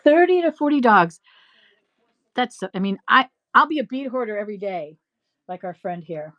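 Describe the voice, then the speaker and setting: A middle-aged woman hosting a live resale stream, rambling through animated stories and laughing often. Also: mid-range voice, normal speed, muffled recording. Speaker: live-stream reseller host. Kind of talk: chatty live-selling stream.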